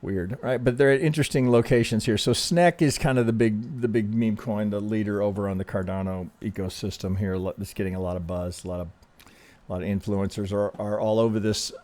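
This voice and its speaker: A man hosting casual chart analysis, speaking in a calm, reassuring way, often restarting sentences and checking in with "right?". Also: on the low side, brisk. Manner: conversational, frequent restarts, ends thoughts with "right?". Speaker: trading analyst host.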